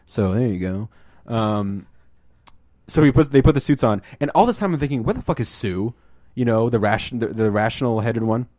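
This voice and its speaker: A man hosting a casual podcast, talking about a film, rambling and swearing and acting out scenes in quick put-on voices. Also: lowish voice, dark tone, no room sound. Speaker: podcast host.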